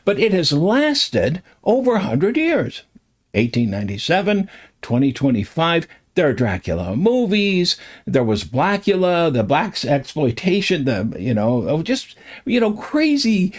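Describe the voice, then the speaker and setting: Older male host, casual rambling stream talk; unhurried delivery with a very lively pitch. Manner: rambling, chatty, trailing asides.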